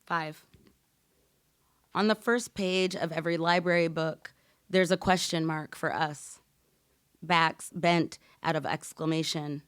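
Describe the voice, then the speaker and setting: Low, smooth-voiced woman reading poetry. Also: dry recording, studio quality. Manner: measured, deliberate delivery. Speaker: poet.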